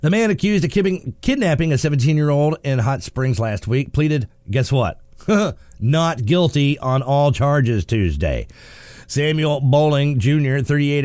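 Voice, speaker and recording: A man hosts a talk radio show from the studio, joking and sarcastic as he reads the news. His voice sits at an ordinary middle pitch. The sound is dry and close. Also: a little mellow, no room sound. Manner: joking and sarcastic, laughs often. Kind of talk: casual talk radio commentary.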